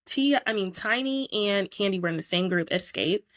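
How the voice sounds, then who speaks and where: A woman's voice: mid-range voice, lively intonation, normal speed, fairly bright tone. A woman hosting a podcast, retelling reality-show drama in a chatty, opinionated way. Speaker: podcast host. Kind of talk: casual recap commentary.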